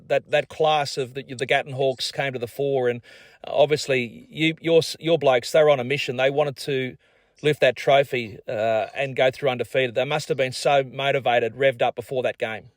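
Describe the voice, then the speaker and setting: A man's voice: medium pitch, steady tone, normal speed, no echo. A man with an Australian accent hosting a radio sports show, asking upbeat leading questions. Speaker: radio host. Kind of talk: radio interview.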